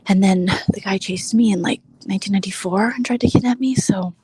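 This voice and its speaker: A woman in her forties from Minnesota, chatting casually on a live stream as she walks through a big store, often hushed to a near whisper. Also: mid-range voice, a little fast, breathy edge. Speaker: vlogger host.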